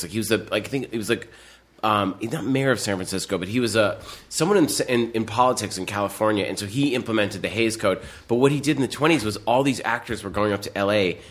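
A man's voice: on the low side, a bit bright. A man telling stories in casual chat, rambling along with plenty of fillers and restarts. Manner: rambling anecdotal storytelling with many fillers. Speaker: podcast co-host telling stories.

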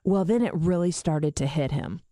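A woman's voice: moderate pace, dry recording, studio quality. A woman telling a funny family story in casual chat, acting out the quotes. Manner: animated, acts out quotes with big pitch jumps.

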